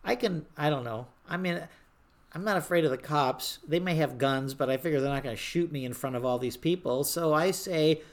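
An older speaker telling a personal story about disaster response, animated and acting out the people in it with raised voices. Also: medium pitch, fairly quick.

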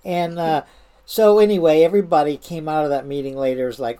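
A middle-aged woman who retired as a fire service manager recounts stories from her career, her voice low-pitched and a little quick. The telling is casual and lively, and she laughs along while restarting her sentences often.

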